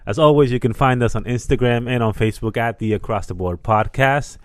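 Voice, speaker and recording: A podcast co-host chats casually in a laid-back way, laughing a lot and swearing offhandedly. His mid-range voice runs a little fast. The studio sound is clean and dry.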